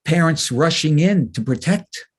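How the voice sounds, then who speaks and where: A man's voice: fairly high pitch, measured pace, slightly rough. A man, a clinical psychologist, giving a webinar talk full of anecdotes and acting out quotes. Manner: animated storyteller who acts out quotes. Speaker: clinical psychologist, guest speaker.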